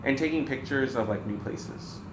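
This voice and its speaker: A man from the American South co-hosting a casual Q&A vlog, rambling and animated with lots of filler words. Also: mid-range voice, moderate pace, reverberant, noisy background. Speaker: co-host. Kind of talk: casual Q&A chat.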